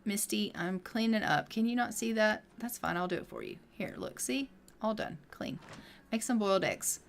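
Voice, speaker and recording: A woman's voice: fairly high pitch, animated, moderate pace, fairly bright tone. A woman voicing a sassy, teasing pregnant young woman who nags her father.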